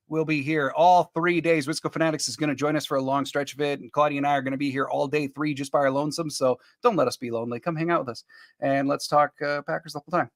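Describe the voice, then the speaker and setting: A man's voice: on the high side, fairly bright tone, no room sound, studio quality. A man hosting a live-streamed sports podcast, running through picks and reading viewer comments in an upbeat, chatty way. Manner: upbeat, quick asides to viewers, chuckling. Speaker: podcast host.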